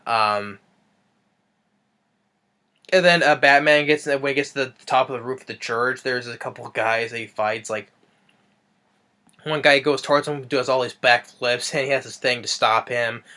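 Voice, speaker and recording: A man talks through a film recap in a loose, rambling way, stacking up ums and restarting his sentences. His voice is bright and forceful, sitting at a middling pitch. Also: steady tone, moderate pace. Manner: rambling, full of fillers and restarts. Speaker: movie reviewer. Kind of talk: casual movie recap.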